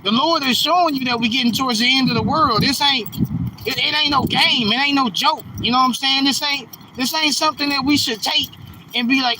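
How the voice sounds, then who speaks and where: A man's voice: very high-pitched, brisk, recorded from a distance. A man around forty from California, chatting to viewers on a livestream in a slangy, preachy way. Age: 40s. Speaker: livestream host. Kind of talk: casual livestream chat. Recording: phone mic held off, street noise.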